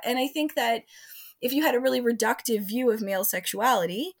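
A woman who is a sex educator and relationship coach, talking in an interview, with lively delivery and frequent acted-out quotes. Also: on the high side, a little fast. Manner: expressive, acts out quoted voices. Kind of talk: animated interview talk.

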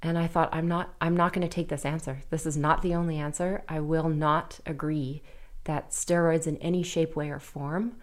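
Earnest lower-voiced woman in her thirties. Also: level tone. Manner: earnest, halting, with nervous laughs. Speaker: podcast guest. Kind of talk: emotional personal storytelling.

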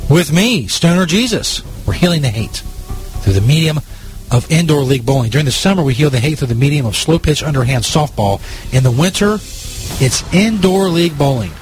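Comedy host: man, slightly high voice, lively swings, brash and mocking. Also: brisk, faint music behind, poor audio. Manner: mocking, brash, deadpan boasts. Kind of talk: comedy radio show.

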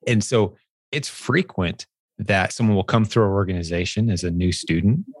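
A man's voice: low voice, moderate pace, husky, no room sound. A man hosting a conversational interview, encouraging and upbeat as he draws out a team member's stories. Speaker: host, business owner.

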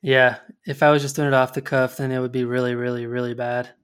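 A man's voice: mid-range voice, flat delivery, fast talker, clear, resonant tone. A man hosting a casual interview chat, friendly and full of "like" and "um". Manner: friendly, uses "like" and "um" a lot. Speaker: podcast host.

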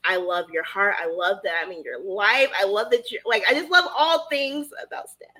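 A woman's voice: mid-range voice, moderate pace, pushed and bright. Gushing woman podcast host. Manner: gushing, emotional, heavy filler "like". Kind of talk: casual interview chat.

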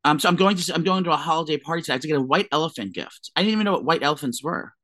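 A man's voice: a little high, pushed and bright, no room sound. A man co-hosting a podcast, chatting casually and telling dramatic gossipy stories. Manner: fast, gossipy, dramatic storytelling. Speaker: podcast co-host. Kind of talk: casual chat.

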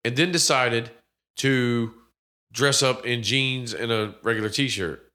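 Man, co-host on a casual movie podcast, bright edge to the voice, heavy swearing, animated. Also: medium pitch, slow pace. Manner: animated, swears constantly, acts out quoted characters. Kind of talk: casual profane chat.

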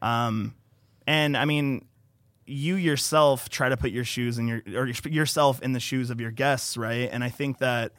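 Soft-spoken man in a dry studio. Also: mid-range voice, steady tone, unhurried, dry recording. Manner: earnest, soft-spoken, reads his own writing aloud. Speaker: podcast engineer. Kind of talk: casual podcast conversation. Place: podcast studio.

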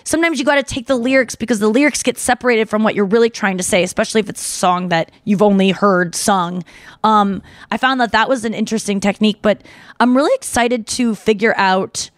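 A woman hosting a podcast in casual chat, talking fast and loose, full of "like", and slipping into singer impressions. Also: medium pitch, no room sound. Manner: chatty, slips into quick singer impressions. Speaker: podcast host.

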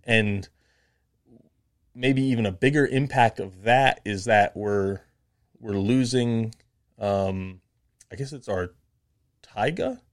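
A man's voice: lowish voice, takes it slowly, long pauses. A man co-hosting a podcast, chatting casually with fillers and laughs, then reading a book summary aloud. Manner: relaxed, rambling, laughs often, many fillers. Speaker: podcast co-host.

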